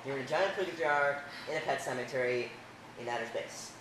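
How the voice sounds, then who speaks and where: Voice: medium pitch, fairly quick. A host running a casual improv game at home, laid-back and laughing often. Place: living room at home. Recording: very echoey room with background noise.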